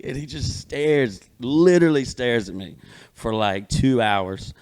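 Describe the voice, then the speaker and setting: A man's voice: medium pitch, unhurried, darkish tone, clean tone, dry recording. Rambling man telling stories. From Alabama. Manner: long rambling profane storytelling. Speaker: guest comedian. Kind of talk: casual podcast chat.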